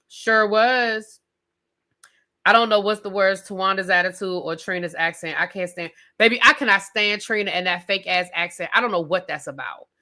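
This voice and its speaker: A woman's voice: mid-range voice, moderate pace. A woman hosting a live review stream, ranting casually and calling out to her viewers with sassy asides and repeated questions. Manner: sassy, talks straight to chat with "y'all" and "baby"; animated, repeats questions for emphasis.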